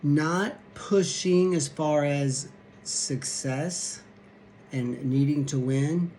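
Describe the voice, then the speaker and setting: A man's voice: a little high, drawn-out words, darkish tone, a little hiss or hum. A man in his fifties from Missouri, a wrestling coach telling stories in a blunt, plain-spoken way. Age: 50s. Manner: blunt, plain-spoken, acts out quoted voices. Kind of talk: storytelling talk to camera.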